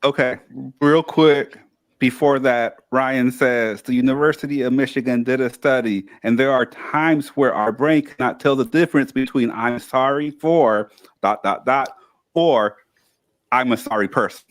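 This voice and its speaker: A man's voice: mid-range voice, measured pace, dry recording. A man co-hosting a motivational podcast, upbeat and chatty, reading out viewer comments. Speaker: podcast co-host. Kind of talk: casual podcast discussion.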